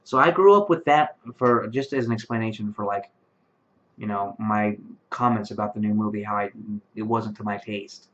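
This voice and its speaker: Man, late twenties, lowish voice, tired and rambling, um-filled vlog chat, dull muffled webcam sound. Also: normal speed, fairly bright tone. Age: late 20s. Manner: rambling, many fillers and restarts. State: tired, yawning late at night. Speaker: vlogger. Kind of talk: casual talk to camera. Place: his bedroom. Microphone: webcam microphone.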